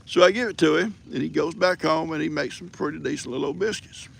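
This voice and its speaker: Older man, gravelly, slightly high voice, folksy teasing host. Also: fast talker. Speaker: livestream host. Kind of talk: casual rambling storytelling.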